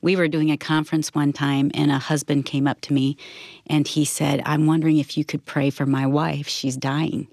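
Heartfelt woman telling a story, slight fry. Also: sits low, flat delivery, moderate pace, a little mellow, no room sound, clean studio sound. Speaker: radio show co-host. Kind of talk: storytelling in conversation.

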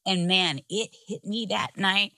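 A woman's voice: medium pitch, a little slow, sharp tone, no echo. A middle-aged woman co-hosting a casual talk show, telling a story with animation and frequent laughter. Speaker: podcast co-host, pastor's wife.

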